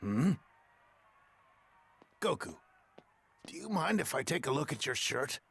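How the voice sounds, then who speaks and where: A man's voice: medium pitch, big pitch swings, unhurried, vocal fry, fairly bright tone, husky, exaggerated voice. An actor playing a stern, honorable male martial artist facing an old rival, formal and earnest in a video game. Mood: curious, taunting. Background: game music.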